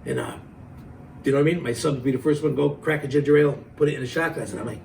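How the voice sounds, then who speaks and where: A middle-aged man telling a story in a casual, animated way, acting out the quotes and laughing as he goes. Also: mid-range voice, very fast, vocal fry, distant mic, a little hiss or hum, low-quality recording.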